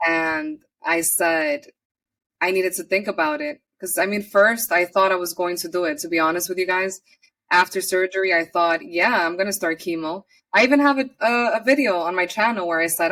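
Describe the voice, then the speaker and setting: A woman with a slightly low voice tells her own story as a podcast guest. She is earnest and chatty, often slipping into the words she once said. Her voice sits a little back from the microphone. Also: moderate pace, a bit bright, recorded from a distance. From New York City. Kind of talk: personal storytelling in an interview.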